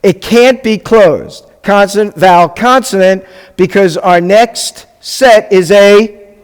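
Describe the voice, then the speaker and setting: A man's voice: high voice, slow, clean tone, big-room sound. A man teaching a Hebrew class as a rabbi, patiently spelling things out and checking in often with his students. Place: classroom or hall with a live class.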